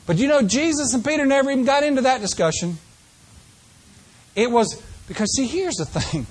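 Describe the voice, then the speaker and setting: A man preaching a sermon to a congregation, asking them questions and shifting between slow, drawn-out phrases and quick runs. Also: very high-pitched, animated, breathy edge. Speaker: pastor.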